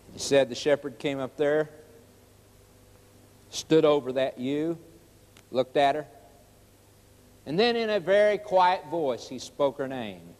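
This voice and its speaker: A man's voice: on the high side, a little mellow. A man preaching an evangelistic sermon, telling a story earnestly and emphatically, then leading a prayer before an audience. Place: church hall with audience. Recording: long reverb of a large hall.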